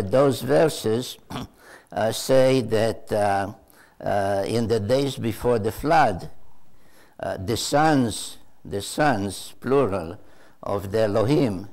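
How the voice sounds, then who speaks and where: A man's voice: fairly low pitch, darkish tone. An older male author giving an unscripted storytelling answer to a question, hesitant and full of uh fillers and repeated words.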